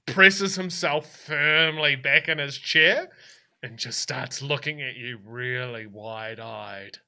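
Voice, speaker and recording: A man's voice: medium pitch, slow pace, bright, forceful tone. A man narrating a tabletop game as dungeon master.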